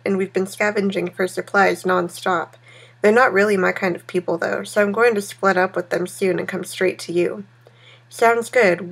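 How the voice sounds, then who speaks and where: A woman voicing a tired young man calling a friend by phone, in a breathy, sleepy way, in a text game read aloud. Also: mid-range voice.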